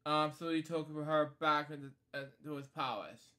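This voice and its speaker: A man's voice: a little high, fairly even intonation, normal speed, bright, forceful tone. Rambling man reading a bedtime story. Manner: rambling asides, many fillers like "anyway" and "so there you go". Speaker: storybook reader and host. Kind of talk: casual storybook read-aloud with commentary.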